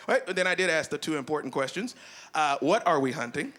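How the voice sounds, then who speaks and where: A man's voice: a little high, very animated, fast. A man doing a stand-up routine on a club stage, self-mocking, on a stage mic. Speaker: stand-up comedian. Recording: live club recording, loud crowd and noise.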